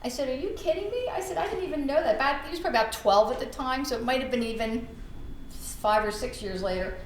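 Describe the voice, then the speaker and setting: A middle-aged woman, a podcast host and realtor, telling a story in an animated, laughing way. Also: on the high side, fast. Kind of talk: storytelling in casual chat. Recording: echoey room with faint background noise.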